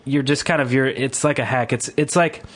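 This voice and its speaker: A man hosting a gaming podcast in casual chat, easygoing and quick to laugh. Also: mid-range voice, fairly even intonation. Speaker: podcast host.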